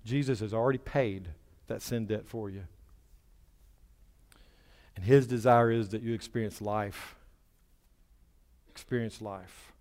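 A man's voice: fairly low pitch, steady tone, unhurried, long pauses. Man preaching in a reverberant church. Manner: impassioned preaching that drops to a hushed, soft voice. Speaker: pastor. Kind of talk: sermon. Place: church sanctuary. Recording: long hall reverb with faint music.

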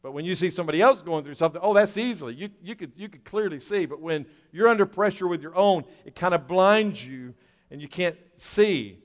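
A man's voice: high-pitched, expressive, a little fast, long reverb tail. A man preaching a sermon as pastor, emphatic and repeating key words, acting out the voices he quotes.

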